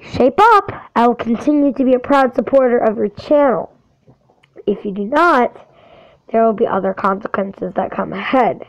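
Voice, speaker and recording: A woman's voice: a little high, normal speed. A woman filming a heated, defiant rant to camera for her channel, speaking with hard emphasis. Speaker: channel owner. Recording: dull lo-fi audio.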